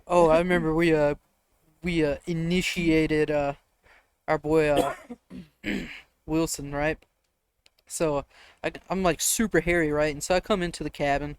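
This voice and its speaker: A man's voice: on the high side, fairly even intonation, a little slow, pauses often, clear, resonant tone, dry recording. A young man co-hosting a casual podcast, telling laid-back anecdotes with chuckles. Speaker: podcast co-host. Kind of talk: casual chat.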